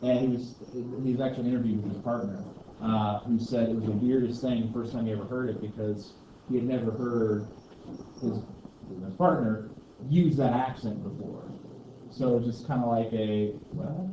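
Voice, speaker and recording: A man teaches a history class with discussion in a chatty, rambling way, full of asides and fillers like "you know" and "like." His mid-range voice moves at a moderate pace, picked up by a distant room mic across an echoey room. The recording sounds dull and muffled, with steady background noise.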